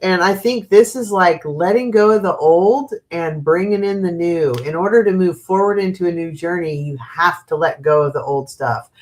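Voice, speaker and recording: A woman's voice: fairly low pitch, moderate pace, hardly any pauses, a little mellow. A middle-aged woman hosting a live tarot reading, chatty and laughing often, with casual swearing.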